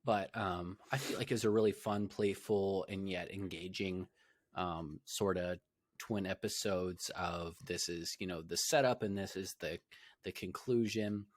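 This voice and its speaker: A man's voice: low-pitched, steady tone, measured pace, no room sound. A young man co-hosting a podcast, chatting casually and rambling with many fillers and restarts. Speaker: podcast co-host. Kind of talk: casual chat.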